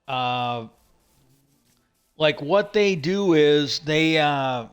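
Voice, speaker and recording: A man's voice: fairly high pitch, expressive, very slow, clear, resonant tone. A man hosting a livestream, talking in a loose rambling way, retelling a conversation with lots of "he goes" and restarts. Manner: retells stories with many "he goes", frequent restarts and fillers. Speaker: livestream host. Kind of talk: rambling casual monologue.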